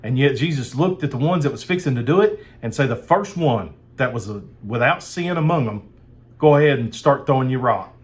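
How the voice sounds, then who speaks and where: A man's voice: medium pitch, lively intonation, brisk. A man preaching a sermon in a fired-up, emphatic way, repeating phrases for emphasis.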